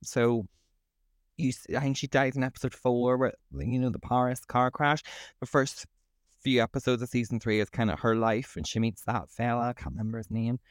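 A man's voice: medium pitch, a little fast, no echo, clean studio sound. A man, co-hosting a podcast and ranting in casual, sweary chat. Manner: sweary, ranting, animated storytelling. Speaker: podcast co-host.

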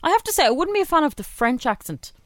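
A woman's voice: high-pitched, sing-song, fast talker, no room sound. Female co-host, self-deprecating and chatty, dry close mic. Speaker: radio podcast co-host. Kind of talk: casual chat.

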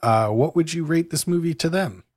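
A man's voice: fairly high pitch, animated, normal speed, darkish tone, no echo, studio quality. A man co-hosting a podcast in casual chat, playful and teasing, with crude jokes. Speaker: podcast co-host.

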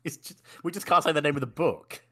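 A man's voice: fairly high pitch, fast talker, fairly bright tone. A man co-hosting a podcast, chatting casually in an awkward, hesitant, stalling way from a room in a house. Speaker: podcast co-host. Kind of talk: casual chat.

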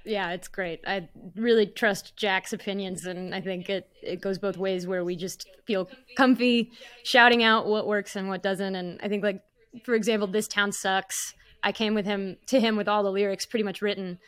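A woman's voice: mid-range voice, fairly even intonation, normal speed, a bit bright, clean tone, dry recording. A woman from Missouri, a songwriter guest, talking in easygoing chat. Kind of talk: casual interview chat.

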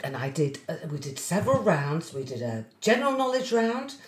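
A woman's voice: sits low, very animated, brisk, echoey room, crowd noise. A woman with a self-deprecating, rambling way of telling stories in casual chat.

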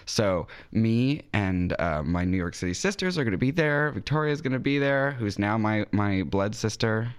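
A man's voice: fairly low pitch, lively intonation, normal speed, few pauses, clean tone. A man guesting on a podcast, bubbly and giggly, laughing often as he chats. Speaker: touring drag performer guest. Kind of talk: casual podcast chat. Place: podcast studio. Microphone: podcast microphone.

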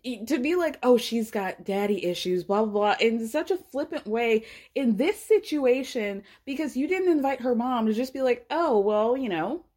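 A young adult woman hosting a podcast, recapping a reality show in casual, animated chat, swearing freely and mimicking the people she talks about. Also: fairly high pitch. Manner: animated, swears freely, mimics cast members in quick asides.

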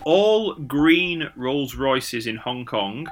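A man hosting a casual podcast quiz, reading questions slowly and laughing often. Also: medium pitch, expressive, a little hiss or hum. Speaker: quiz host.

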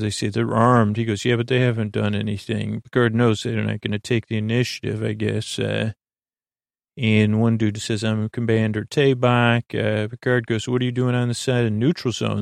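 A man with a low, gravelly voice rambles through an episode recap in an offhand way. His delivery stays flat and monotone as he stops and restarts, loosely paraphrasing what the characters say. The sound is close and dry. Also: dry recording. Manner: halting, full of fillers and restarts. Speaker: podcast host.

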